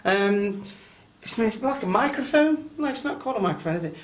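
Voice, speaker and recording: A loud man with a fairly high voice talks through a training webinar. He is chatty and keeps checking in with his listeners. He sounds like he is speaking into a computer mic on a video call. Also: expressive, a little fast. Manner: loud, chatty, frequent tag questions. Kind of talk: live online training talk.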